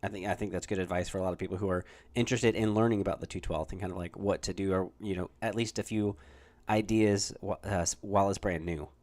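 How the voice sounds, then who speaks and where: Host, laid-back and rambling, low voice. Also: male voice, steady tone, quick pace, hardly any pauses, a little mellow. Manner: easygoing, rambling with many fillers and restarts. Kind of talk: casual livestream chat.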